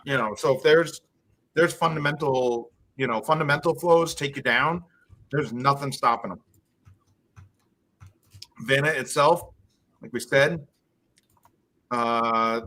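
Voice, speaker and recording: A man's voice: mid-range voice, sharp tone. A man co-hosting a live trading stream, chatting casually and thinking aloud as he walks through charts, dropping in dude and man. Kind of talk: casual market chat.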